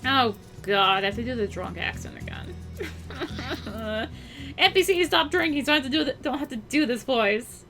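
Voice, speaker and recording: A woman giving casual let's play commentary, chatty and explaining mechanics as she goes. Her voice is high and bright with a lively, bouncy pitch. Game music plays faintly underneath. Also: normal speed.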